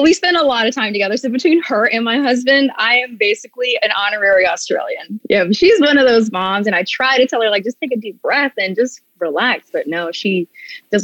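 A woman's voice: mid-range voice, no room sound, dull audio. A woman in her thirties, a podcast guest chatting frankly and with lots of energy. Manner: frank, animated, breezy. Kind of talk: casual chat.

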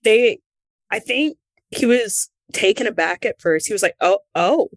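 Animated woman telling a candid story. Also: medium pitch, normal speed, dry recording. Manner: animated, acts out quoted voices, laughs between lines. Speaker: interview guest, former pro wrestler.

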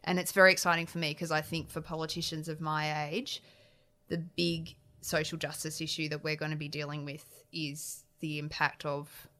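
Australian woman politician, low voice, earnest and frank, restarts phrases. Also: little pitch movement, normal speed, bright, forceful tone. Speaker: politician, shadow minister. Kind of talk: interview answers.

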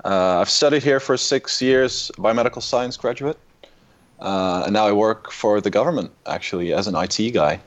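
A man's voice: on the low side, moderate pace, highs cut off. Young Dutch-accented male guest. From Netherlands. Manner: polite, easygoing, laughs along. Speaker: podcast guest. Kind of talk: casual chat.

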